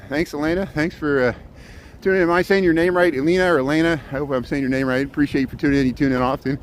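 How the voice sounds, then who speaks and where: A vlogger with a mid-range voice narrates a casual live stream while biking through the city, chatting and thanking viewers amid nervous asides. His street mic is filled with wind, traffic and city noise.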